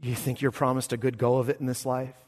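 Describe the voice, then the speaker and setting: A man preaching a sermon as pastor, emphatic, swinging between hushed lines and loud, ringing ones. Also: medium pitch, flat delivery, fast. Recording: long hall reverb.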